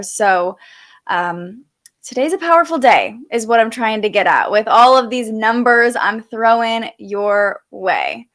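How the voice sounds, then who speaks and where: A woman's voice: a little high, fairly bright tone. A young woman hosting a casual astrology livestream, chatting and reading viewer comments aloud, a bit sleepy.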